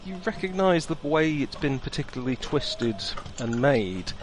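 A man's voice: medium pitch, lively intonation, moderate pace, noisy background. A man running a tabletop game as game master, wry and hesitant, with many ums.

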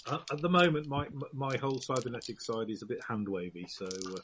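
A man's voice: mid-range voice, expressive, a little fast, a bit bright, a little hiss or hum. A man chatting as a player in a tabletop game, dry and a little hesitant. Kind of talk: casual tabletop game chat.

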